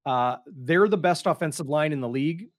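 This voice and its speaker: A man, a sports reporter co-hosting a casual chat, analytical and quick to cut in. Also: on the high side, no room sound, studio quality.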